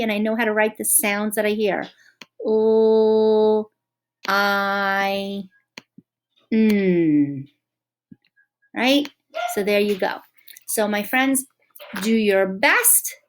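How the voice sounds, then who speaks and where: Speaking at a fairly high pitch, a woman teacher gently leads young children through a lesson. She's patient and encouraging, slowing down to sound out the letters of simple words.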